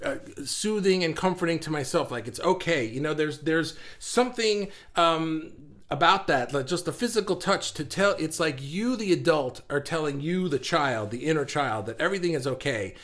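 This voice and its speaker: Middle-aged male host, casual and rambling, a touch higher-pitched, chats to a live audience. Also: animated, normal speed, fairly bright tone. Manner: chatty and rambling, laughs at himself, many fillers. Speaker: live stream host reading viewer comments. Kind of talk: casual live-stream talk.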